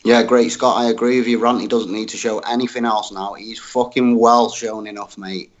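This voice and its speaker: A man's voice: on the low side, fairly even intonation, moderate pace, lo-fi sound. A man calling into a livestream in casual talk, blunt and swearing, tacking "mate" onto nearly every sentence. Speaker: call-in guest on a livestream.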